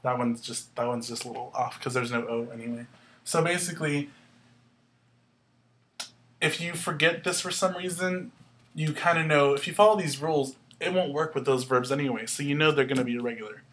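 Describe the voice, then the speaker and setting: A man teaching a language lesson at a board, explaining patiently in a casual way, with fillers and quick self-corrections. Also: mid-range voice, fairly bright tone, slight background noise. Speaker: Spanish teacher.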